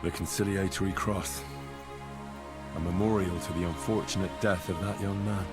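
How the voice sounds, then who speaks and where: An actor playing a calm, curious young medieval squire in a video game, speaking in measured, thoughtful remarks. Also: male voice, deep voice, over loud music, natural voice. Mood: musing. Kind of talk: game dialogue.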